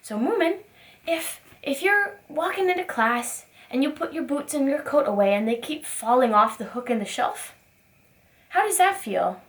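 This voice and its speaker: A woman teaching a preschool circle time, asking gentle questions in a sing-song teacher voice. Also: high-pitched, expressive, normal speed. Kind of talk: circle time lesson for young children.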